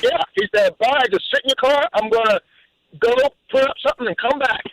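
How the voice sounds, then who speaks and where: A man calling in to a radio show, telling a personal story in an animated way, with repeated words and restarts. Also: very high voice, a little fast, poor audio. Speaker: caller.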